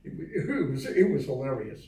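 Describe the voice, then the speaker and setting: An older man tells stories in a relaxed, chatty way and acts out the voices in them. His voice sounds roomy and echoey, and he sits at some distance from the microphone. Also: mid-range voice, fairly quick. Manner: animated yarn-spinner who acts out quoted dialogue with chuckles. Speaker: veteran interviewee. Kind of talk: casual storytelling of memories. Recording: roomy echo, voice from a distance of the mic.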